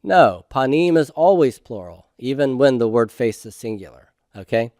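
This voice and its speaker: A man's voice: mid-range voice, expressive, normal speed, darkish tone, dry recording, clean studio sound. Patient man lecturing on grammar. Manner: patient, asks students questions then answers them himself. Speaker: Hebrew grammar teacher. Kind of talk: recorded classroom lecture.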